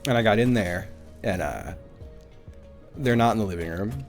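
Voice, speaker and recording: A man's voice: fairly low pitch, lively intonation, moderate pace, faint music behind. A man streaming a game live, chatting casually and animatedly with his viewers, swearing now and then. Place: at home.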